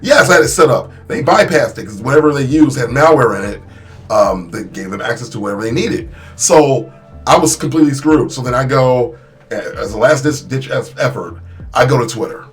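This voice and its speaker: A young man telling his story in a casual vlog, animated and emphatic, with many restarts and repeated phrases. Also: medium pitch, moderate pace, soft background music. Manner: animated, acts out quotes with voice shifts. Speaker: YouTuber.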